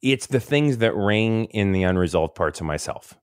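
A man in casual podcast chat, rambling and interrupting himself with quick laughs. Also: on the low side, expressive, clear, resonant tone, dry recording, clean studio sound. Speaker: podcast co-host.

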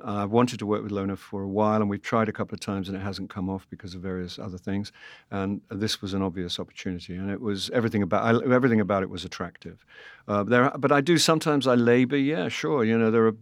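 Older british guy, low voice, stop-start rambly chat, dry close sound. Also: fairly even intonation, no echo. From Britain. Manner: halting, self-deprecating, many restarts and fillers. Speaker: guest actor. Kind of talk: casual interview chat.

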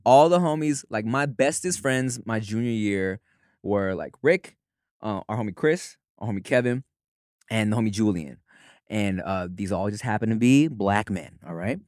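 A man's voice: fairly low pitch, expressive, normal speed, a little mellow, dry recording, clean studio sound. A young man from Southern California, co-hosting a podcast and telling casual stories with swearing and laughter. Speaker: podcast co-host. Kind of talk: casual storytelling chat.

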